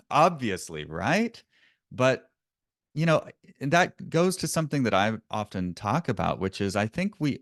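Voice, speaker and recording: A man's voice: lowish voice, no room sound, studio quality. A man presenting a business webinar in a conversational way, often correcting himself and chuckling now and then.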